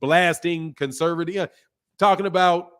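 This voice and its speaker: A boxing channel host with a high-pitched male voice runs a casual livestream at a moderate pace, his tone clean. He reads viewers' comments out loud and responds bluntly, swearing, laughing, and tossing in animated side remarks.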